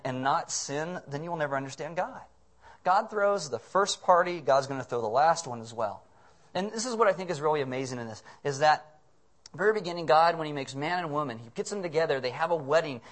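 Humorous, animated male pastor preaching. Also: fairly high pitch. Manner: humorous, animated storytelling with acted voices. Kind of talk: sermon.

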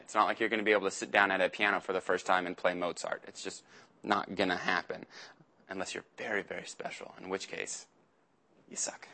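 Bright-voiced young youth pastor, chatty. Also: male voice, on the low side. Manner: chatty, acts out quotes in little voices. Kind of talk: casual sermon.

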